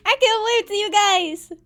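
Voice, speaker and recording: With a very high-pitched, fairly bright voice, a young woman streams as a VTuber and excitedly presents her model. Her chat is giggly, bubbly, and playful, packed with exclamations.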